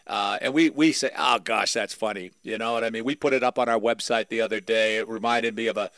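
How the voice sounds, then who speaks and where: A man's voice: lowish voice, fairly even intonation, fairly quick, a bit bright, dry recording. A man co-hosting a radio chat who asks a guest questions in a rambling way, searching for words. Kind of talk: casual interview questions.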